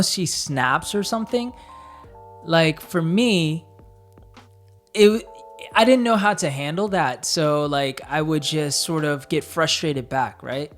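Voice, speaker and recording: A man co-hosting a casual chat with his partner, talking it through with hesitant pauses and fillers. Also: a little high. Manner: hesitant, thinking aloud with many fillers. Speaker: co-host.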